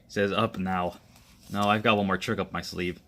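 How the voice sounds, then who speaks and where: A man with a fairly low voice tells an improvised action story. He rambles and restarts often, and voices each character's lines himself instead of reading from a polished script. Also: steady tone, sharp tone. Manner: rambling, halting delivery with frequent restarts. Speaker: amateur storyteller.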